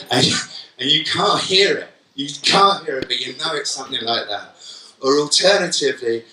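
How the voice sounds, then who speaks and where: A man delivers a lively, comic keynote to a room of teachers. His voice is very bright and cutting. He is picked up from a distance in an echoey conference hall. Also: mid-range voice, moderate pace, a little hiss or hum. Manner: comic, animated storytelling. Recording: echoey hall, mic from far off.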